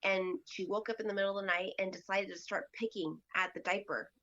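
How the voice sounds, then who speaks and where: A woman's voice: medium pitch, steady tone, fairly quick, sharp tone, lo-fi sound. A woman speaking as a podcast guest in casual storytelling, chatty and full of fillers, acting out other people's lines as she goes. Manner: chatty, acts out quoted dialogue with lots of fillers.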